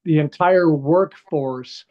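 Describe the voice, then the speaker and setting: A middle-aged man with a Canadian accent rambles through history trivia in a casual interview. His voice sits somewhat high for a man. The call audio is dull and lo-fi. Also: slow pace. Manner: rambling, digressive, heavy on fillers and trivia. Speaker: guest comedian.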